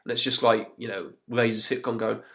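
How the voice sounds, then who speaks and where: A man's voice: medium pitch, fairly even intonation, brisk, a bit bright. A man, hosting a podcast and recapping an episode in a chatty way. He laughs often and acts out quotes as he goes. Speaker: podcast host. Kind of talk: casual chat recapping an episode.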